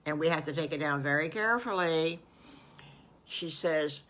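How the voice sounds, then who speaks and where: A woman's voice: deep voice, normal speed. An older woman improvising a story for young children, doting and chatty. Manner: warm, doting, chatty with fillers.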